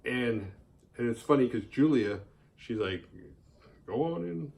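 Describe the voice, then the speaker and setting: Man, horror film recap, casual, profane, animated, mid-pitched voice. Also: unhurried, vocal fry. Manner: animated, profane, acts out characters' lines in high voices.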